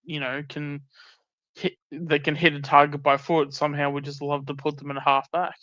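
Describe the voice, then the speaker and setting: Co-host, man, bright tense voice, flat delivery, dull dry mic. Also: fairly high pitch, normal speed, no echo. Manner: casual, wry, filler-heavy. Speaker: podcast co-host. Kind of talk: casual footy chat.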